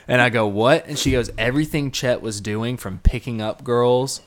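A man's voice: mid-range voice, a little slow, pauses often. Young man telling a story animatedly. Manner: animated storyteller acting out quoted dialogue. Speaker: podcast co-host. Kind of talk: casual chat.

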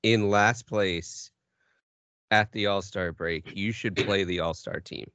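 A man's voice: sits low, steady tone, slow pace, a bit bright, clean tone, no echo. A man on a casual sports podcast, tossing out playful ideas.

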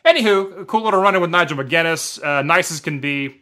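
A man co-hosting a podcast, telling a rambling story in casual chat, animated, full of fillers and laughs. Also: on the high side, brisk. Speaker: podcast co-host.

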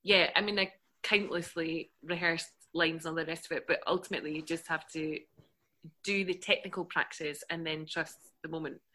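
A woman's voice: low voice, fairly even intonation, normal speed, bright, forceful tone. A woman chatting thoughtfully in a casual interview over a video call, laughing easily. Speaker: guest actress.

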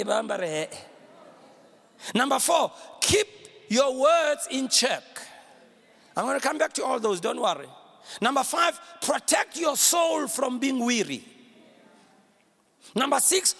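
A male pastor preaches with fire, shouting lines and pulling call-and-response from the crowd. His voice sits very high with a sharp, forceful edge. It is recorded with the long echo of a big hall. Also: creaky, breathy edge. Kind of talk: sermon.

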